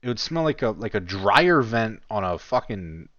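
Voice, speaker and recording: A man's voice: on the low side, big pitch swings, moderate pace, fairly bright tone, dry recording, muffled recording. A man giving casual commentary on a chat log, mocking and incredulous, and swearing freely.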